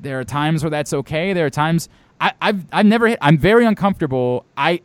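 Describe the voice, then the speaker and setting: A man's voice: a little high, animated, brisk, smooth, dry recording. A man in his thirties from Baltimore, co-hosting a casual podcast chat, talking bluntly and emphatically with some swearing.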